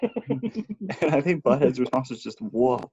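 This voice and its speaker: A man co-hosting a podcast in casual chat, measured and often murmuring agreement. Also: mid-range voice, steady tone, darkish tone, highs cut off. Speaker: podcast co-host. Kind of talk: casual chat about films.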